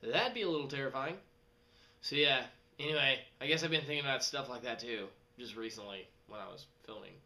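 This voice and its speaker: A young man, rambling casually in a vlog and jumping into high mocking voices. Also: brisk. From West Texas. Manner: animated, jumps to high mocking voices when quoting people. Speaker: vlogger.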